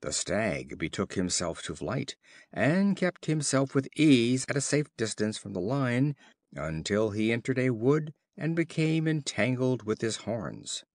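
Man reading fables aloud, slow and clear, lively pitch, dry close sound. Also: dry recording. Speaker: storyteller. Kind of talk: scripted fable narration for learners.

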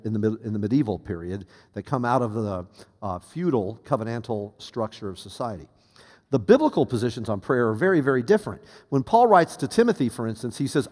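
A man's voice: mid-range voice, a little mellow, long reverb tail. A man preaching a teaching sermon in a conversational way, asking the congregation questions and often restarting his sentences. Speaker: pastor. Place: church sanctuary.

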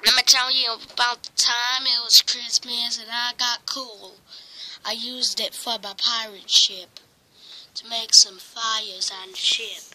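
A woman's voice: a little high, flat delivery, takes it slowly, sharp tone, heavily acted, rough recording. A woman voicing a grumpy male pirate fox animatronic who talks like a pirate in a plush toy skit. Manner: pirate talk, gruff and grumbling.

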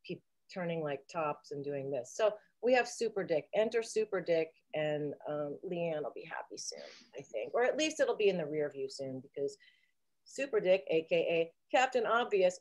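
Woman guest, lowish voice, rambling and theatrical, playing it for laughs on a video call. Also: big pitch swings, moderate pace, darkish tone. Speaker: interview guest. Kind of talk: casual video chat.

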